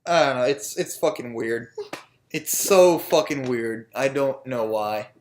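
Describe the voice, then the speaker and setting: A man's voice: medium pitch, unhurried, a little hiss or hum. A young adult man co-hosting a podcast, rambling casually and swearing often. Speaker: podcast co-host. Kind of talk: casual chat.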